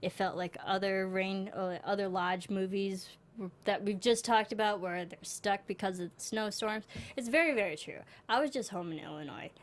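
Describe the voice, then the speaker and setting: A woman's voice: medium pitch, moderate pace, few pauses. Woman, mid-range voice, bubbly co-host who trails off. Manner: bubbly, laughs often, trails off mid-sentence. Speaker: co-host reviewing TV movies. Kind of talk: casual review chat.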